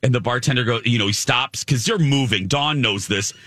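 Co-hosting a casual podcast, a man with a medium-pitched voice tells a funny story fairly quickly and with lots of energy, acting out the voices of the people in it. The recording is dry and studio quality.

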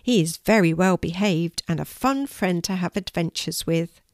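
A woman's voice: lowish voice, moderate pace, no echo, clean studio sound, lightly acted. A woman voicing an earnest young girl who loves animals, in a storybook reading. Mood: polite, eager. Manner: earnest and hushed.

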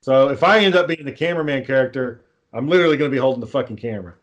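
Man, mid-pitched, casual and profane, pitching a movie idea with filler words. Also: rapid-fire, highs cut off. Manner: rambling, profane, acts out quoted lines. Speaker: amateur filmmaker pitching a script. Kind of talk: casual chat.

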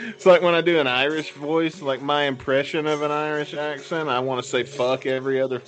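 A man's voice: a little high, steady tone, normal speed, poor audio. A man co-hosting a podcast in casual chat, with loose, profane, laughing banter over a video call. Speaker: podcast co-host.

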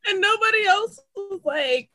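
A woman chatting casually about a film on a podcast, relaxed and full of filler words. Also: very high-pitched. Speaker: podcast panelist.

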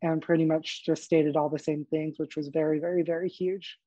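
A man's voice: fairly high pitch, moderate pace, dry recording, highs cut off. A young man, a podcast guest, telling personal stories candidly, laughing often and acting out the dialogue. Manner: animated, laughs often, acts out quoted dialogue. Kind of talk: candid storytelling interview.

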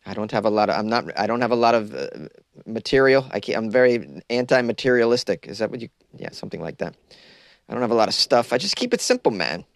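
A man's voice: lowish voice, animated, quick pace, dry recording, studio quality. A young man hosting a comedy podcast from a closet, rambling loosely and mocking himself while caffeinated and stoned.

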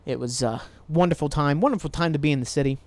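A man from Ohio rambles through his solo podcast, cursing casually and chuckling at his own tangents. His voice sits slightly higher than most men's. The sound is dry and close, with no room echo. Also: quick pace, darkish tone. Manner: rambling, swears freely, laughs at himself. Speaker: podcast host.

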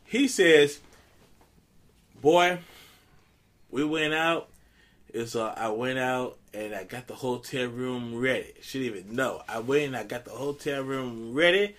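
A man hosting a podcast, chatting casually and telling a funny story, jumping high when he quotes people. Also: moderate pace. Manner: animated storyteller, jumps high when quoting. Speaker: podcast host.

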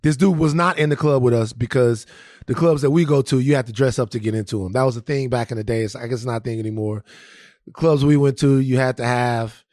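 A man from Louisiana co-hosting a podcast and telling a story in casual, profane, animated chat with many restarts. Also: medium pitch, fast talker, no echo, clean studio sound. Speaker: podcast co-host.

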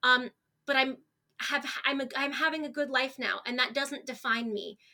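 A young woman in her twenties with a bright, ringing voice pitched a little high. She talks as a podcast guest, open and candid. She often stops and restarts her sentences as she speaks. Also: normal speed. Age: 20s. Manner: open and emotional, frequent restarts. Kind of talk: candid conversational interview.

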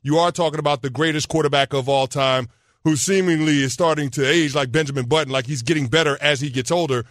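A man's voice: fairly high pitch, steady tone, fast, a bit bright, dry recording. Man, former football player, sports radio co-host, easygoing, emphatic, dry studio mic. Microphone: studio microphone.

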